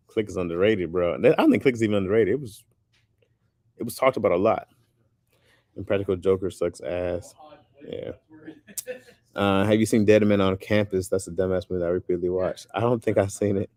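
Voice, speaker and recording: Casual male streamer, deep voice, dry close sound, animated and loose. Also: brisk, pauses often, no room sound. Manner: loose and animated, says "bro" often. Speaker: streamer chatting with viewers. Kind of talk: casual chat.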